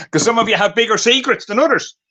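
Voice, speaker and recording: A sharp-toned, high-sitting voice comes through lo-fi audio as an Irish craft vendor presents his handmade work on a live stream. He rambles through light-hearted stories with plenty of fillers.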